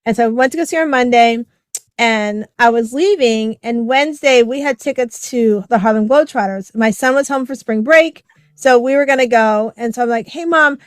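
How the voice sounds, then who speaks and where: Middle-aged woman, podcast guest, casual storytelling, fairly high voice, dry close sound. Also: normal speed, clear, resonant tone, no room sound. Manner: chatty, heavy use of "like" and "right?".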